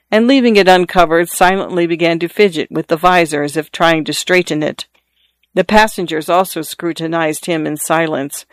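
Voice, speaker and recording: A man reads a story aloud, lightly shading his voice for each character in the dialogue. His voice sits a little high for a man and sounds smooth and resonant. The recording is dry and close, with no room echo. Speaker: narrator. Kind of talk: scripted narration of a story.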